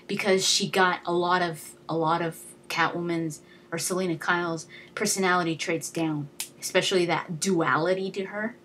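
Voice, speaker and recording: A woman's voice: lowish voice, fairly bright tone, a little hiss or hum. A young woman giving a casual, chatty movie review, enthusiastic and full of fillers and restarts. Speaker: video blogger.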